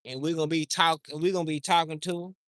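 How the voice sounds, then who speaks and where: A man's voice: fairly high pitch, fairly even intonation, fast talker, fairly bright tone, no room sound, clean studio sound. A man livestreaming outdoors, talking in a loose, rambling, slangy way and often repeating himself. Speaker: livestream host. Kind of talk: casual rambling chat.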